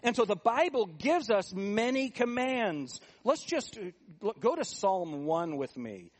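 A middle-aged man preaching a sermon, asking the congregation rhetorical questions and moving between quiet asides and raised, emphatic points. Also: high-pitched, sing-song, unhurried. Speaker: pastor.

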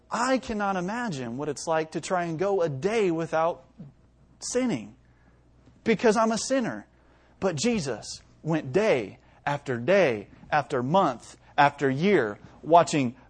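A man's voice: fairly high pitch, darkish tone, breathy edge. A man in his thirties preaching a sermon, telling stories and using paper props with his young sons in a conversational way. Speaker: pastor. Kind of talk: sermon with object lesson.

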